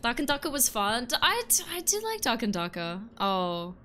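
A woman's voice: a little high, very animated, normal speed, bright, forceful tone, slight background noise. Chatty woman streaming a horror game. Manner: chatty, joking, reads out chat, yawning. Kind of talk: casual live-stream chat while gaming.

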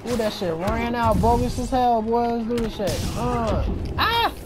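A young adult gamer talks through a session in loose, profane commentary, breaking into excited whoops and yells. The voice swings widely up and down in pitch. Game music plays loudly behind. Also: a little slow. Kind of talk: casual gameplay commentary. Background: video game music.

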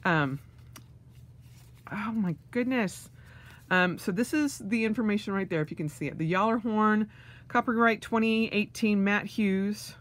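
A woman's voice: medium pitch, unhurried. A woman vlogger unboxing things, gushing with gasps and delighted exclamations. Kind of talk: casual unboxing vlog.

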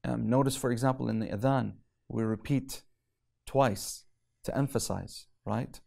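Gravelly-voiced man teaching theology. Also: medium pitch, fairly even intonation, warm tone. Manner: recites Arabic fast, then explains in English with emphatic pauses. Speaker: religious lecturer. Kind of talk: theology lesson.

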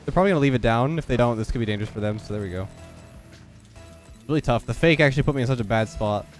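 Fast-talking stuffed-up gamer man. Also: medium pitch, faint music behind. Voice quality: nasal. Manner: quick, focused play-by-play. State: stuffed-up, nasal from illness. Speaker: gaming YouTuber. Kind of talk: live gameplay commentary.

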